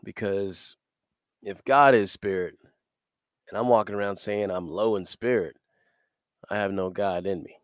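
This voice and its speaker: Male devotional podcaster, a little stuffy from a cold, low-pitched, recorded dry and close. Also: measured pace, pauses often, dry recording. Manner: upbeat and preachy, laughs between points. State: recovering from a cold. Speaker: podcast host.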